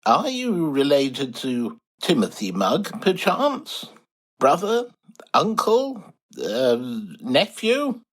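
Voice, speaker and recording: An actor playing a bumbling, posh English retiree, flustered and hesitant in a comic audio drama. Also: male voice, on the high side, wildly swooping pitch, slow, heavily acted. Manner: flustered, posh, hesitant, wildly swooping delivery. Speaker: lead character and narrator.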